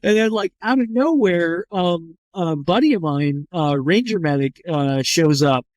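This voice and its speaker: Man, trauma surgeon guest, slightly high voice, dry close sound, blunt and profane storytelling. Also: expressive, measured pace, a little mellow, dry recording. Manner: blunt and profane, with frequent restarts. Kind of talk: casual spoken storytelling.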